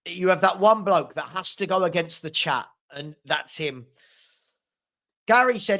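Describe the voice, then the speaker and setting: A man's voice: sits high, animated, a little slow, sharp tone. A young man hosting a live football watchalong, reading out viewer comments with sarcastic banter. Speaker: fan channel host.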